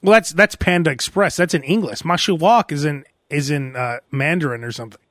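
A man's voice: on the high side, a little fast, no room sound, studio quality. A man hosting a podcast, telling stories in a casual comedic chat and laughing often. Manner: animated storyteller, laughs often. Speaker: podcast host.

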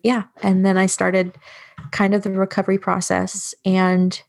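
A woman's voice: medium pitch, completely flat delivery, unhurried, gravelly, darkish tone. A woman guest on an interview podcast, telling a hard personal story in a frank, matter-of-fact way with frequent fillers. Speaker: guest, bereavement doula.

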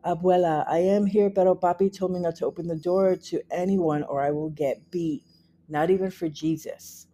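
A woman's voice: on the low side, fairly even intonation, warm tone, a little hiss or hum, pitched above the performer's own voice, lightly acted. A woman voicing a frightened young girl who whispers in a hurry. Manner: hurried whisper.

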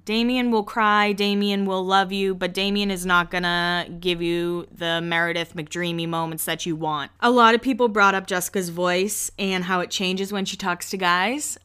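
A woman's voice: mid-range voice, fairly even intonation, fairly bright tone, clean tone. A woman hosting a podcast, chatting casually and gossiping about reality TV. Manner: chatty, gossipy, quick asides. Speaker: podcast host. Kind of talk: casual pop-culture recap.

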